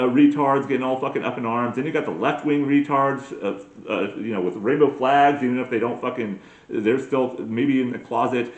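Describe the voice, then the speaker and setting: A man's voice: medium pitch, reverberant. A man delivering a rambling, crude, self-mocking comedy monologue, often breaking into put-on voices. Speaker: comedy podcast host.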